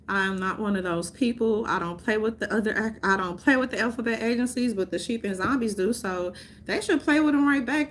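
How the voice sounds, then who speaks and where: A woman, ranting loudly and profanely to her viewers, laughing often. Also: medium pitch, a little hiss or hum. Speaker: vlogger. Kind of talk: unscripted rant to camera.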